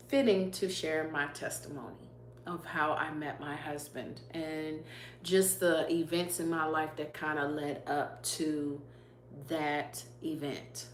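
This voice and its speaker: Slow, earnest woman sharing a testimony. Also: sits low, fairly bright tone. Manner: earnest, emotional, laughs often; reads viewer comments aloud. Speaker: YouTube livestream host. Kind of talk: livestream testimony. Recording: echoey room, faint hum.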